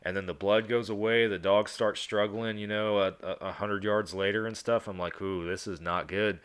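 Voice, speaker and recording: A man from West Virginia, co-hosting a podcast, telling stories in a relaxed, casual way that turns animated when he retells what people said. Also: lowish voice, moderate pace, clean tone. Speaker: podcast co-host. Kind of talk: casual chat.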